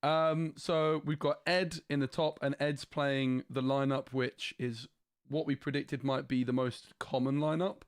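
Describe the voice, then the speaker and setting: A man's voice: mid-range voice, fairly even intonation, measured pace, smooth, no room sound, studio quality. A man hosting a casual card-game watch-party stream, slightly losing his voice, explaining player lineups. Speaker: stream host. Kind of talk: casual livestream chat.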